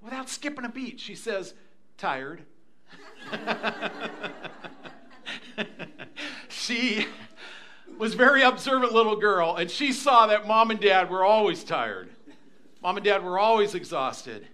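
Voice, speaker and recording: An older man delivers a sermon in a high, bright voice. His pitch swoops widely as he tells a story and mimics the voices of the people in it. His delivery is animated and expressive. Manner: animated, acts out voices in anecdotes. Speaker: pastor.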